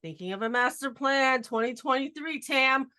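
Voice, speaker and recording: A woman's voice: sits high, sharp tone. A woman hosting a casual podcast chat from her cold garage over a video call, sounding nasal from a cold. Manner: chatty, upbeat, fast asides. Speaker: podcast host.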